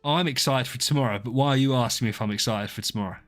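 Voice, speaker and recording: A man's voice: medium pitch, rapid-fire, a bit bright. A man, live-streaming and chatting casually to his viewers, rambling and joking about himself. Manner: rambling, self-deprecating, talks to chat by name. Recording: faint music behind.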